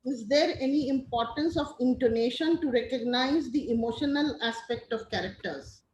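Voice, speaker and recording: A woman moderator reads audience questions in a polite, formal way. Her voice is high. The audio is dull and echoey. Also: moderate pace, darkish tone, a little hiss or hum.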